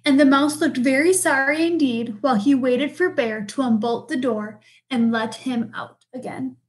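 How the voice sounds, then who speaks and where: A woman reading a picture book aloud with a slow, expressive storytelling delivery. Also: high-pitched. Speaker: storybook reader.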